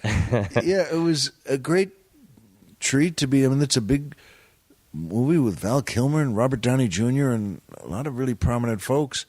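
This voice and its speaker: A man's voice: medium pitch, expressive, normal speed, a little mellow, no echo. A man, a comedian and actor guesting on a podcast, telling show business anecdotes in a rambling, self-deprecating way with plenty of restarts.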